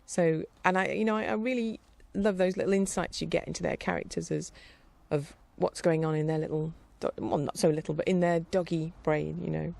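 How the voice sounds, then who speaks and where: A woman's voice: lowish voice, steady tone, brisk, gravelly, few pauses, a little mellow. A middle-aged woman rambling casually as a podcast host, chatty and meandering. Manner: chatty, meandering, with frequent restarts and laughs.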